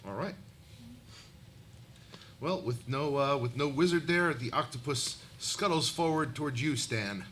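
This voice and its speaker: A man acting as game master, briskly directing players through a live tabletop game. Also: medium pitch, fairly bright tone. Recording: live event with faint room noise.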